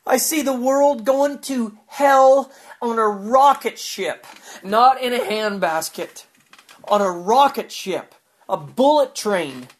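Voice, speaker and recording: A man's voice: very high voice, animated, takes it slowly. A man pouring out an anguished, fervent spoken prayer, pleading and repeating himself. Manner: repetitive, fervent.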